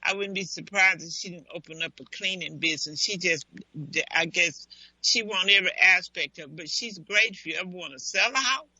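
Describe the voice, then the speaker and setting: A woman's voice: on the low side, a little fast, sharp tone, husky, no room sound. A woman hosting a live internet radio talk show, chatting playfully and talking straight. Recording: dull dry lo-fi audio.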